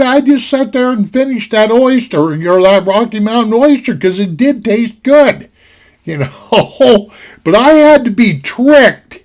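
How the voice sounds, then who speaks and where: A man's voice: high voice, darkish tone. A man telling a personal story to camera from his home in a rambling, folksy way, full of fillers and restarts. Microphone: desktop computer mic.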